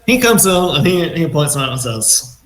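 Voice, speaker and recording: A man's voice: fairly high pitch, sing-song, moderate pace, a bit bright. A man narrating as game master of a tabletop game, in a rambling way that often restarts mid-sentence. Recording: echoey room, faint noise.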